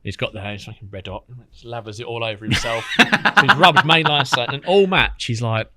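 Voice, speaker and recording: A man's voice: medium pitch, fairly quick, crowd noise. A man, a podcast guest telling cheeky anecdotes and mimicking the people in them. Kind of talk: casual storytelling.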